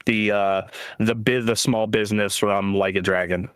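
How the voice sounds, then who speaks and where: Male co-host, smooth resonant voice, dry, enthusiastic. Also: on the low side, fairly even intonation, moderate pace, fairly bright tone, dry recording. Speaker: podcast co-host. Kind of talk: casual gaming chat.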